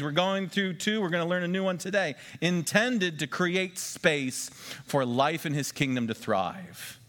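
A man preaching a sermon as pastor, emphatic and repeating key phrases slowly for the congregation. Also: on the high side, a bit bright. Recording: long hall reverb.

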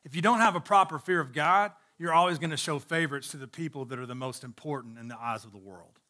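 A male pastor delivering a sermon in a high, bright voice. He stresses his points by repeating phrases and turns to speak straight to the people in the pews. His delivery is emphatic and earnest. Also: fast talker. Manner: addresses the congregation directly.

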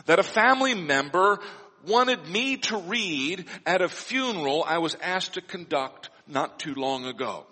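A man preaching a sermon as a pastor, blunt and wry with slow dramatic pauses. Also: high-pitched, sharp tone. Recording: long hall reverb.

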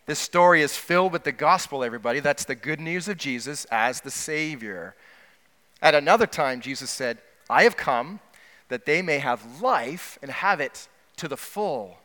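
A man delivers a sermon in a bright, forceful voice that rings through a church hall with long reverb. He keeps asking the listeners questions and slows down to lean on the words that matter. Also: fairly high pitch, expressive. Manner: asks the congregation questions, slows down for emphasis. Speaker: pastor.

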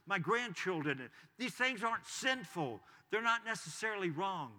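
A male pastor with a fairly high, very bright voice delivers a sermon in a loose, conversational way, sprinkling in "you know" and asides. His voice rings out with a long reverb tail, as in a church sanctuary. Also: animated, moderate pace, hardly any pauses.

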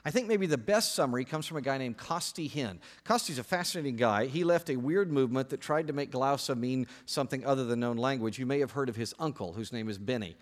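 A male pastor preaching a sermon to his congregation from a church stage, joking and lively, often restarting his sentences. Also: medium pitch, quick pace, few pauses.

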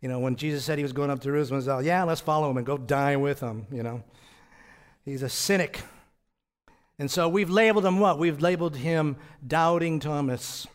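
A pastor preaching a conversational sermon, asking rhetorical questions and answering them himself, often repeating words and chuckling between points. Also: male voice, mid-range voice, fairly even intonation, normal speed.

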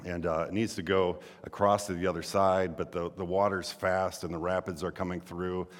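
A man's voice: low-pitched, flat delivery, moderate pace, big-room sound. A male pastor preaching a sermon earnestly, building to emphatic exhortations.

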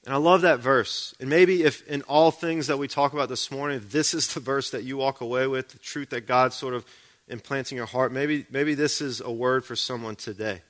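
A man preaches a sermon conversationally, often checking in with the congregation through questions. His medium-pitched voice is steady and fairly bright, at a moderate pace.

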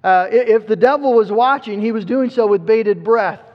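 A man delivers a sermon in a strikingly high voice, earnest and emphatic, stumbling and repeating words as he builds each point. The sound is dull and muffled. A long reverb trails his voice through a large hall. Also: normal speed. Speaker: preacher.

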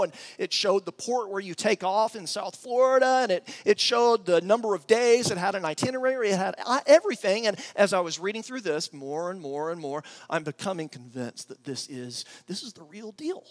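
Animated man preaching a sermon. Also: high voice. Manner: animated storytelling, acts out his own excited voice; prays softly and slowly. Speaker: pastor.

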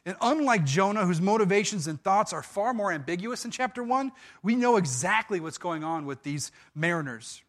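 A man preaching a sermon, walking through a scripture passage with animated storytelling and frequent restarts. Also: high-pitched, moderate pace. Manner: animated storytelling with dramatized quotes. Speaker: pastor.

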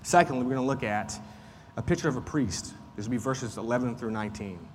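A man's voice: mid-range voice, fast talker. A man teaching a Sunday school Bible class in a conversational way, repeating points and using frequent fillers. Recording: faint noise, long room reverb.

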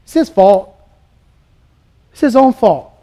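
A man's voice: sits high, expressive, takes it slowly, mellow. A man preaching a sermon, emphatic and full of rhetorical questions, acting out the voices he quotes. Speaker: pastor.

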